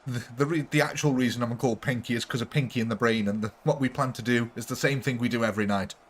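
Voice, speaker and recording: Young guy streaming a game live, jokey and chatty, average pitch. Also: fairly even intonation, quick pace. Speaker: gaming livestreamer. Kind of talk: live game commentary with chat.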